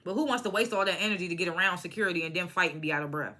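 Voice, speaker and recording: Young woman, bright and forceful voice, casual profane TV recap, blunt opinions. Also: fairly low pitch, racing. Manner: blunt, profane and opinionated, mimics cast members. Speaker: reality TV recap vlogger. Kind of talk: casual reality show review.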